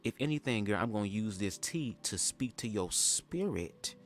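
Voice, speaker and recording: A man with a lowish voice hosts a casual livestream, chatting in a sassy, profane, storytelling way. He keeps jumping into shrill impressions before dropping back down, and faint music plays underneath. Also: moderate pace. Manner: animated, jumps into high-pitched impressions. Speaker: livestream host. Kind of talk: casual livestream reaction chat.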